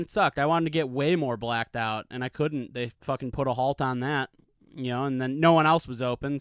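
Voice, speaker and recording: A man in his thirties with a slightly high, smooth, resonant voice rambles through a casual solo podcast, swearing freely and drifting from story to story. He is recorded dry and close on a studio microphone with a pop filter. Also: fairly bright tone, no echo. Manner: rambling, profane, laid-back. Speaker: podcast host.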